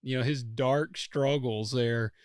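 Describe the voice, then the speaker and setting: Male host, casual chat, mid pitch, dry room. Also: steady tone, slow pace, clear, resonant tone, no echo. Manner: easygoing, laughs along. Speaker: podcast host.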